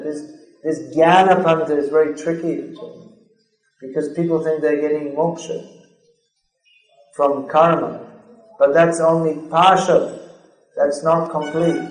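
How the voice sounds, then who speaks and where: Man lecturing slowly in an echoey hall. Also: a little high. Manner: measured, drawn-out emphasis with Sanskrit recitation. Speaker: spiritual teacher. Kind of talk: lecture on scripture.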